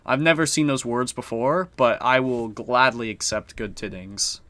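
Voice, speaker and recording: A man's voice: mid-range voice, normal speed, a bit bright. A man streaming a strategy board game, chatting casually and swearing now and then. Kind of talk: casual live-stream commentary.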